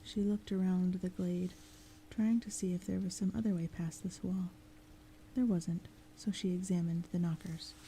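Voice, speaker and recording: A woman reading a story aloud in a gentle, calm, soft-spoken audiobook style, sometimes slipping into whispers. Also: fairly low pitch, moderate pace, a little hiss or hum, low-quality recording. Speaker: audiobook reader. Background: thunderstorm sounds.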